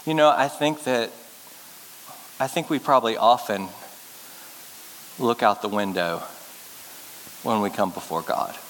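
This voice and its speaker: A male pastor giving a sermon, speaking earnestly and getting lively when he tells stories. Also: on the low side, measured pace, pauses often. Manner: earnest storytelling preacher, lively when telling anecdotes. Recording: reverberant hall with faint hiss.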